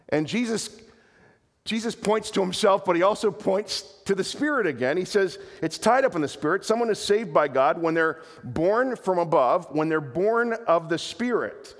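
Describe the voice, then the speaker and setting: A male pastor with a fairly high voice preaches a sermon at a moderate pace, earnest and animated, restarting phrases and repeating words. Long hall reverb trails after each phrase.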